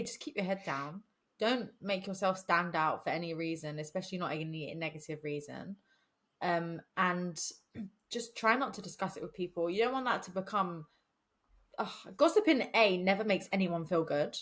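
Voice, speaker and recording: A woman's voice: on the low side, animated, moderate pace, pushed and bright. Chatty young woman co-hosting. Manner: chatty, slangy, laughs often. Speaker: podcast co-host. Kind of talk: casual chat.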